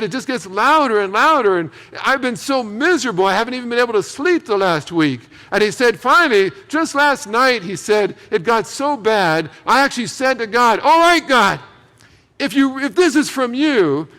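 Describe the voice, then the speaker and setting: A middle-aged man telling a story in a sermon, animated and acting out the dialogue. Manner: animated, acts out dialogue with pitch jumps. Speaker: speaker. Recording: long hall reverb.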